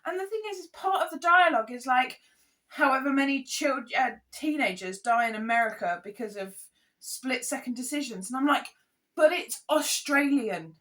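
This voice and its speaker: A woman co-hosting a podcast in casual chat, animated and exasperated as she rants. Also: high voice, a little fast. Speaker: podcast co-host.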